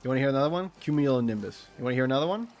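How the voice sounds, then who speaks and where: A man streaming a game, swearing freely, joking, and reading in-game text aloud in an excitable way. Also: medium pitch, rapid-fire, a little hiss or hum. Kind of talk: gameplay commentary.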